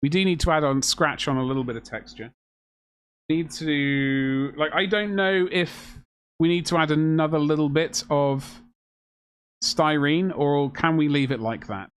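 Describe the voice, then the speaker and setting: A chatty man streams from his hobby desk, talking into a desk mic. He reads out viewers' messages and jokes back at them in an easygoing, mid-pitched voice. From Britain. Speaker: live stream host. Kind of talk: casual live-stream chat while building a miniature.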